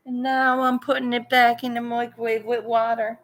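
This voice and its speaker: A woman's voice: on the high side, flat delivery, normal speed, hardly any pauses, a little hiss or hum. A woman chatting casually with viewers on a home livestream, greeting them and drifting from topic to topic. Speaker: livestream vlogger. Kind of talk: casual live chat.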